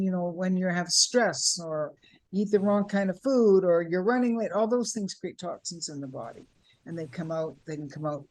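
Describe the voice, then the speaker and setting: Animated woman coaching voice online. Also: lowish voice. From Canada. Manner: animated, demonstrates breathing and vocal sounds. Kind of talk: online workshop instruction. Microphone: video call.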